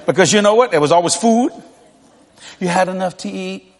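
A man in his sixties preaching a humorous storytelling sermon, animated and folksy, often laughing through his stories. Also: high voice, a little fast, long reverb tail, some chatter behind.

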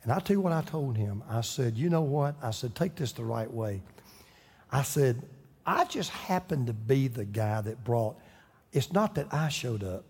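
A man's voice: mid-range voice, sing-song, moderate pace, a little mellow, breathy edge, long reverb tail. A man, a pastor, telling a story in his sermon and building to fervent preaching.

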